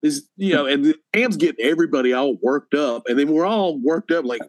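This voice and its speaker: A middle-aged man, his voice a little high and a little fast, tells a story as a guest on a podcast. He's an animated storyteller in casual chat, acting out quotes loudly and with gusto.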